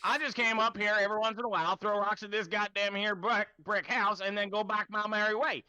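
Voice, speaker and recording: Gruff foul-mouthed old codger, pitched up high and loud and bright, as a game master puts him on; dull lo-fi sound. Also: male voice, lively intonation, quick pace, no room sound. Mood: irritated. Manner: gruff, swearing constantly. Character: cranky foul-mouthed old human man. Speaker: game master voicing a character. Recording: dull lo-fi recording.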